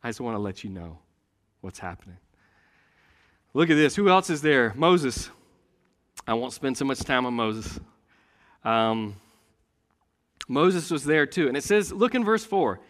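A man preaching a sermon, telling a story with great animation and swinging between loud and hushed delivery. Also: medium pitch, sing-song, measured pace, long pauses, in a large hall.

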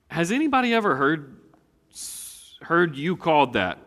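A middle-aged man, preaching a conversational sermon after a quiet prayer. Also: fairly high pitch, moderate pace. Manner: conversational, folksy, swings from hushed prayer to animated preaching. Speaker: pastor. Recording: long reverb in a hall.

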